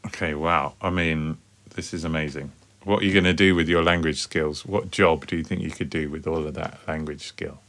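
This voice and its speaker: A man's voice: very deep voice, steady tone, fairly quick, a bit bright, a little hiss or hum. A middle-aged man co-hosting a home podcast with his daughter, chatty and upbeat. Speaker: co-host, father. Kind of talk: casual family podcast chat.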